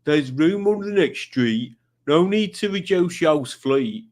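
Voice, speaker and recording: A man's voice: a little high, animated, takes it slowly, a little mellow, voice pushed up. A man reading out a comic rhyme in a put-on regional accent, with a sing-song delivery. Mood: playful.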